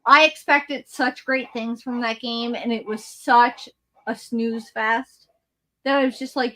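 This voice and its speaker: A woman co-hosting a casual gaming chat, animated and blunt, swearing freely. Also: fairly high pitch, takes it slowly, rough recording. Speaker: podcast co-host.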